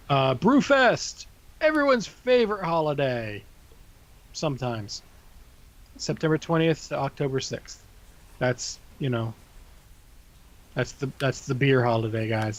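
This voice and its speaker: A man's voice: medium pitch, animated, a little slow, pauses often. A man co-hosting a gaming podcast, casually running through an event list with loose asides. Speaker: podcast co-host.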